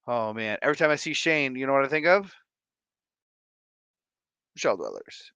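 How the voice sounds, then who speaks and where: A man's voice: fairly high pitch, moderate pace, sharp tone, clear, resonant tone, no room sound, highs cut off. A man in his thirties hosting a casual live stream, playful and sing-song as he greets viewers by name, sounding tired. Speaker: livestream host.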